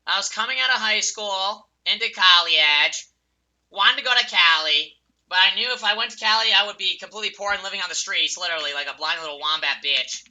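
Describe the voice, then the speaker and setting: A young man streaming a game, ranting furiously at other players with profanity and yelling insults, then drifting back into telling a personal story. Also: high voice, brisk.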